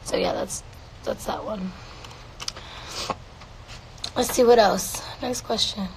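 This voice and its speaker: A woman's voice: medium pitch, wildly swooping pitch, slow pace, a little hiss or hum, poor audio. A woman singer casually answering fan questions on a livestream from home, playful and swearing freely. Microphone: phone.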